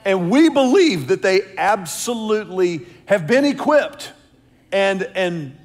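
Slow, lilting church man. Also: sits high, very animated. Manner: measured and dryly humorous. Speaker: pastor speaking to a congregation. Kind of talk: church talk.

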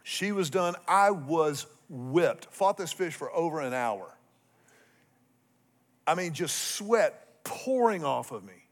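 Middle-aged male pastor, lively humorous sermon storyteller, voice a touch high. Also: slow. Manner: animated, humorous storyteller with swings in loudness.

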